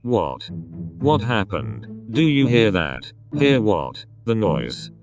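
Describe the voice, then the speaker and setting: A man casually reading out a fan-made group text chat in a deadpan way. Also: lowish voice, slow pace. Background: background music.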